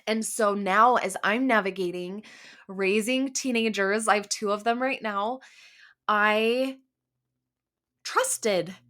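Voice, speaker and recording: A woman's voice: medium pitch, slow pace, a bit bright. A woman in her forties hosting a casual solo podcast, talking candidly with lots of "like" and "um" fillers. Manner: candid, conversational, many "like" and "um" fillers. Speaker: podcast host.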